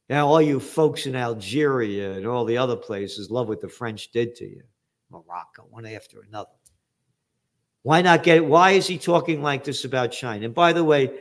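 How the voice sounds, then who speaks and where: An older man giving blunt, sarcastic news commentary, reading out headlines and adding profane asides. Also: medium pitch. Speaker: trends forecaster hosting a news commentary show.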